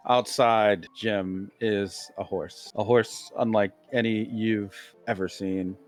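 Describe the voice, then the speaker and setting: A man running a tabletop role-playing game as game master, narrating the scene in a deadpan, descriptive way. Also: on the low side, takes it slowly, soft background music.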